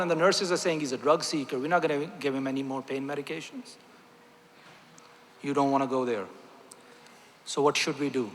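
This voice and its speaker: A man's voice: on the high side, fairly bright tone. A man, a doctor, giving a motivational talk to a gathering, emphatic and repeating key phrases with rhetorical questions. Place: large hall with audience. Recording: echoey hall.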